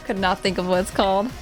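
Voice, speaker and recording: A young woman streaming a video game live, reacting out loud with giggles and emotional comments. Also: mid-range voice. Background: faint game music.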